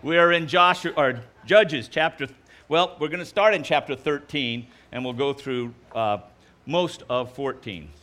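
A man preaching a sermon, delivering jokes in an animated, playful way before reading scripture. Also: fairly high pitch, measured pace. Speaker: pastor.

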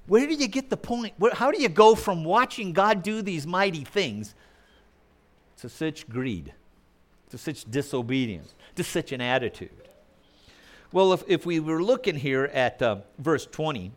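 A man's voice: a little high, expressive, unhurried. A male preacher giving a sermon in a conversational way, putting questions to the congregation.

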